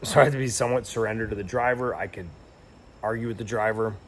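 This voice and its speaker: A man's voice: on the low side, fairly even intonation, fast, slight background noise. A young man telling a travel story in a casual, rambling and reflective way, with lots of fillers and restarts. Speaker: travel vlogger.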